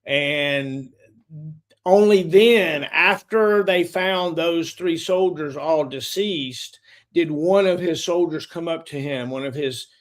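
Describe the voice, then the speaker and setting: A man with a voice a little higher than most, hosting a relaxed podcast. He feels his way through his thoughts, restarting phrases and filling gaps with "uh" and "um". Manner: halting, repeats words and fills with "uh". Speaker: podcast host. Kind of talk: casual podcast chat.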